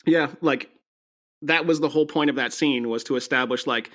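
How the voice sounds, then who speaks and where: A man's voice: medium pitch, normal speed, fairly bright tone. Sarcastic, laughing man on a podcast. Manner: sarcastic, laughs often, mocking quoted voices. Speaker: podcast co-host. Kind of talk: casual movie discussion.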